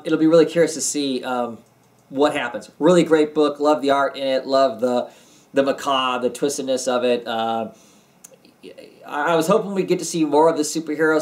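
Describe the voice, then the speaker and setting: A tired man giving a casual, rambling comic book review from his home basement, with many ums and restarts. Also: a little high. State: tired, yawning.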